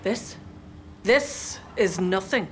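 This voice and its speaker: An actress playing a sardonic middle-aged nun headmistress in a sitcom, with a dry, withering deadpan delivery. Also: female voice, mid-range voice, drawn-out words, slight background noise. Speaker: school headmistress. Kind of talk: broadcast sitcom acting.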